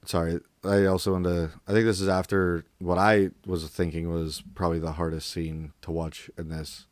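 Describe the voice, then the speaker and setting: Deep-voiced man chatting about a film. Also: normal speed, no echo. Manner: rambling, animated retelling of scenes with acted quotes. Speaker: podcast co-host. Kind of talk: casual movie discussion.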